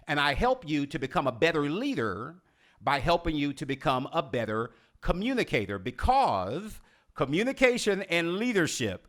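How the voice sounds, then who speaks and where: A man hosting a leadership video series, talking to the viewer as a coach in an expressive, teacherly way and slowing down for emphasis. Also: a little high. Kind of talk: scripted instructional talk to camera.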